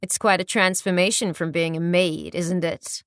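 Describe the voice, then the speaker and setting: A woman doing a sneering young gentleman. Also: fairly low pitch, fairly even intonation, normal speed, dry recording, studio quality, lightly acted. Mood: mocking. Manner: sneering, drawling sarcasm. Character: sly, sarcastic young gentleman.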